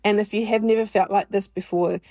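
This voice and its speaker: Speaking briskly with a warm, steady tone at a middle pitch, this podcast host reflects on personal matters in a monologue. Her chatty, candid style leans heavily on self-deprecating jokes.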